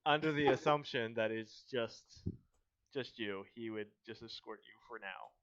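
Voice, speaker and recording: A man runs a tabletop game in a loose, rambling way at an ordinary middle pitch. His audio comes through dull and lo-fi, as on a streamed session. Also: normal speed, a bit bright. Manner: casual, rambling with fillers. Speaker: game master. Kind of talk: narrating a tabletop role-play stream.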